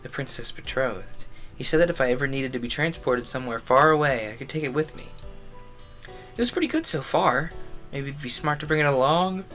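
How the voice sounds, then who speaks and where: A man streaming a visual novel, narrating its lines in first person. He breaks off for chatty, amused asides. Soft game music runs in the background. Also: mid-range voice, animated, brisk. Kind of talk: reading a visual novel aloud with commentary.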